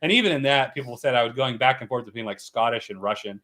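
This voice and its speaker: A man's voice: mid-range voice, fast, bright, forceful tone. Talkative American man hosting a livestream. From United States. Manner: chatty, explains at length with many fillers and restarts. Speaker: livestream host. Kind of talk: casual livestream chat.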